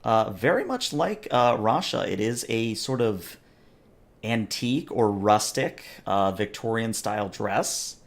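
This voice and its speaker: A man with a lowish, gravelly voice narrates a tabletop game as game master. He describes scenes hesitantly, filling his pauses with "uh". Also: lively intonation. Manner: hesitant, lots of filler "uh".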